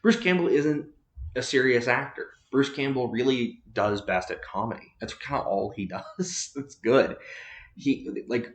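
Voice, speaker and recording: A man's voice: mid-range voice, measured pace, reverberant. A man casually chatting about movies as a podcast host, rambling with many fillers and restarts.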